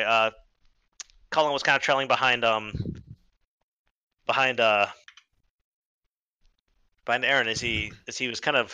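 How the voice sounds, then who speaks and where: A man narrating a tabletop game as game master, halting, with many fillers and restarts. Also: mid-range voice, pushed and bright, no room sound, low-quality recording.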